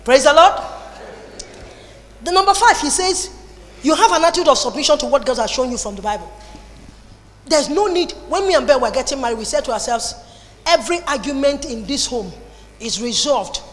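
A woman with a Nigerian accent preaching a lively sermon, slipping into Pidgin and Igbo phrases. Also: sits high, fairly quick, long pauses. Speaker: pastor. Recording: long reverb in a hall.

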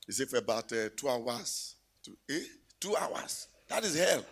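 A man preaching a sermon in a church, telling stories and rising to loud exclamations. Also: mid-range voice, sing-song, measured pace, slightly rough.

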